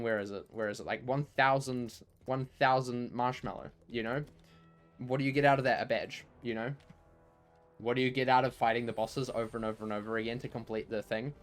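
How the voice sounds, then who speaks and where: Rambling male game streamer. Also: mid-range voice. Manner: rambling, lots of "like" and "you know". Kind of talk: casual livestream chat.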